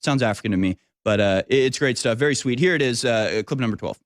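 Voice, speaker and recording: A man hosting a political commentary show, talking in an opinionated, rambling monologue with frequent filler pauses. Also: medium pitch, dry recording, clean studio sound.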